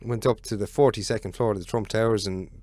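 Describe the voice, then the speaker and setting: A man's voice: on the low side, steady tone, quick pace, darkish tone, dry recording. A man, a podcast guest telling rambling, sweary stories in casual chat.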